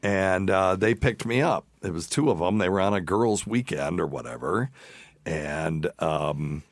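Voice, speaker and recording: A man's voice: low-pitched, lively intonation, measured pace, dry recording. A middle-aged man hosting a podcast, telling a crude, rambling anecdote in casual chat. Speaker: podcast host.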